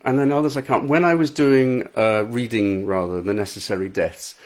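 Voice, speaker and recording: A middle-aged English man chatting casually with live viewers as an author, reading out their comments. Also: lowish voice. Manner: chatty, self-deprecating, reads out viewer comments. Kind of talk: casual live-stream chat.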